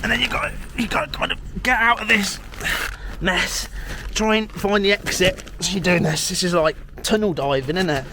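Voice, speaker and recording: Man, slightly high pitch, sarcastic, self-mocking, comic vlog, outdoors, faint background noise. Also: normal speed, pushed and bright. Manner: wry and sarcastic, laughs at himself. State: a bit out of breath. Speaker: vlogger. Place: outdoors at a campsite.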